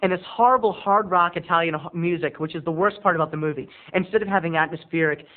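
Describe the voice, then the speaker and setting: A man giving a casual, animated, campy movie review as a video blogger. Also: fairly high pitch, fast. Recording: tinny lo-fi recording.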